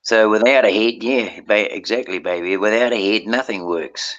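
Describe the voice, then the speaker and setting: A man thinks out loud in a fairly low voice, circling back and restarting his sentences. The stream audio is dull and lo-fi, with the top end muffled. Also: moderate pace. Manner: rambling, restarts often, reflective. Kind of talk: casual chat.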